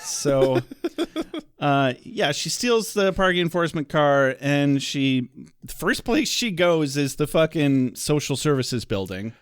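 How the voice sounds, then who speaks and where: A man's voice: a little high, expressive, a little slow, clear, resonant tone, no echo, clean studio sound. A man co-hosting a podcast in casual chat, blunt and sardonic, swearing freely. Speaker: podcast co-host.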